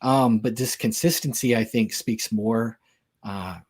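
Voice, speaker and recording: A man's voice: on the low side, steady tone, measured pace, darkish tone, slightly rough. A man giving a casual lecture on Christian apologetics in a conversational, joking way, with lots of filler words.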